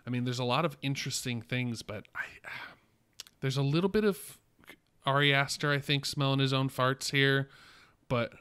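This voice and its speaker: A man's voice: mid-range voice, moderate pace, bright, forceful tone, smooth. A man co-hosting a casual film podcast, giving frank opinions with hesitant restarts. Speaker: podcast co-host.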